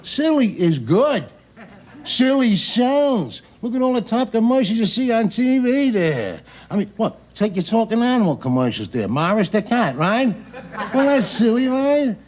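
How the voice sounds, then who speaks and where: A middle-aged actor playing a loud, blustering, opinionated working-class husband in a sitcom. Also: male voice, very high voice, very animated, measured pace, full character voice. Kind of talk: sitcom acting. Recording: noisy old TV sitcom audio.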